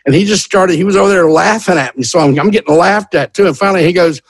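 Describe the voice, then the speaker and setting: Animated man telling a story, higher voice. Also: fast talker. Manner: animated, many restarts and repeats "literally". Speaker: songwriter telling his story. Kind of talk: casual storytelling.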